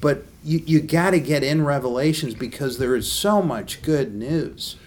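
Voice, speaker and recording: A man co-hosting a faith talk show keeps agreeing with his partner and then adds his own points in a casual, friendly tone. His voice sits a little higher than most men's. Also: a little slow. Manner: affirming, many short agreements. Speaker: co-host of a Christian talk show. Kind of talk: casual chat.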